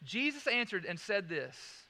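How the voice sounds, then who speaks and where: Bright, high-voiced preacher man. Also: big pitch swings, long reverb tail. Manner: dramatic swings from loud emphasis to hushed, slow delivery; repeats key phrases for emphasis. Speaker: pastor. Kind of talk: sermon.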